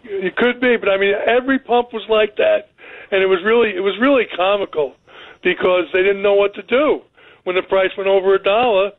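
A man's voice: sits high, fairly even intonation, fairly quick, dry recording. Male caller on a tinny phone line. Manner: earnest, explanatory storytelling. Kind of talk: call-in radio chat.

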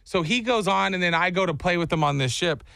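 A man's voice: high-pitched, a little fast, vocal fry, no room sound, studio quality. A man in his thirties telling a story in casual chat as a show co-host, acting out the voices. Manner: animated, acts out voices in his stories.

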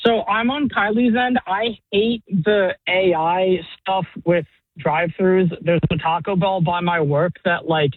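Chatty young caller on phone line. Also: male voice, high voice, fairly even intonation, a little slow, no echo. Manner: chatty, many "like" fillers.

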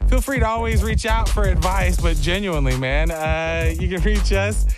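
A man's voice: high voice, normal speed, over music. A young man hosting a radio show, joking around with his co-hosts and reading listener messages aloud. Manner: joking, animated, reads listener letters aloud. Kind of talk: casual morning radio banter.

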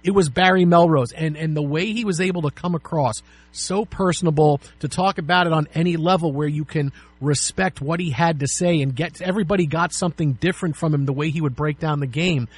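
Animated man telling sports stories. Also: on the high side, fairly quick, husky, no room sound. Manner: animated storyteller, acts out quotes. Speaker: sports radio co-host. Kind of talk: casual sports talk.

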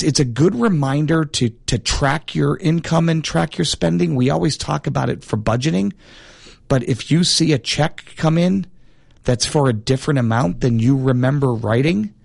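A man's voice: mid-range voice, gravelly, a little mellow, dry recording, clean studio sound. A man giving casual, earnest advice, often restarting and repeating words as he explains.

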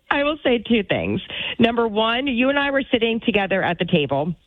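A woman with a very lively, bouncing voice, trading casual on-air banter and laughing at her own stories. Her voice comes through a thin, tinny phone-like line that sounds close and dry. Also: fairly high pitch, normal speed, dry recording. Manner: laughing, self-mocking storyteller. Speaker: producer.

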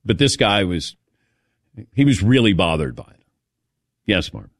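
A man's voice: low voice, a little slow, no room sound, clean studio sound. Middle-aged man telling a story on air. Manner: storytelling, animated, calls on cohosts. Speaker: radio show host. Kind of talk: casual studio chat.

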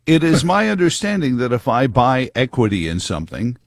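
A man's voice: mid-range voice, huge pitch swings, brisk, creaky, dry recording, studio quality. A man co-hosting a casual sports talk show, cutting in with wry, skeptical questions. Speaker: co-host.

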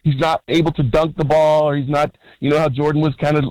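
Male radio caller, slightly high voice, dry sound, rambling, restarts often. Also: level tone, fast, darkish tone, dry recording, poor audio. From California. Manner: rambling, full of fillers and restarts, keeps asking "right?". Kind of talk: phone-in call.

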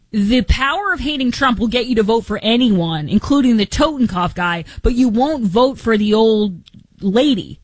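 A woman's voice: on the high side, slightly rough, dry recording, poor audio. A woman hosting a political talk show, giving opinionated commentary with incredulous rhetorical questions.

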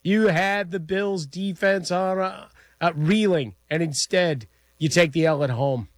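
A man's voice: sits high, no echo. A man with a slightly raised voice co-hosts a sports radio show in a studio. He drops in short quips and casual comments, and the sound is dry and close-miked. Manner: quick quips and interjections. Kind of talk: casual sports talk banter.

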